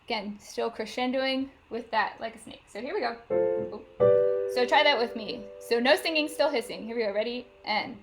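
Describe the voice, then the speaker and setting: A choir director leading vocal warm-ups over a video call, coaching step by step with frequent cues to get ready. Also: female voice, a little high, a little fast, hardly any pauses. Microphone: video call microphone. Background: piano she plays for the exercises.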